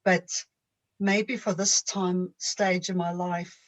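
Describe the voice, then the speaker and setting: A woman talking slowly and thoughtfully as a coaching client, pausing often while she searches for words. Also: fairly low pitch, level tone, rough recording. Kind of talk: reflective coaching conversation. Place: home.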